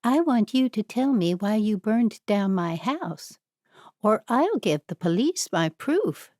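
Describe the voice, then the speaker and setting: A woman's voice: medium pitch, very animated, slow pace, a little mellow, dry recording, studio quality. A woman voicing an elderly Amish woman sleuth who is nervous but bold, with urgent, rising questions. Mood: pressing. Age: older.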